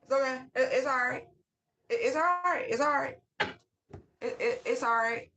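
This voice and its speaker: A woman's voice: fairly high pitch, slow, background noise. Emphatic, outspoken woman reading tarot. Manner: emphatic, repeats phrases, swears freely; excitable outbursts with whoops. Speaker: tarot reader. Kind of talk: casual spiritual reading monologue.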